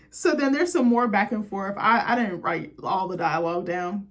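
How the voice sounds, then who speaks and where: A young woman hosting a casual reality TV recap, sassy and profane, with quick asides to her viewers. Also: medium pitch, animated, fairly bright tone. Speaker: recap host.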